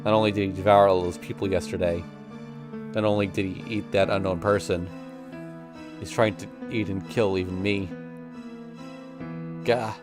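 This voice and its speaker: A man's voice: deep voice, steady tone, normal speed, pauses often, music in the background. A man streaming, reading a visual novel aloud in an intense, emotional first-person narration.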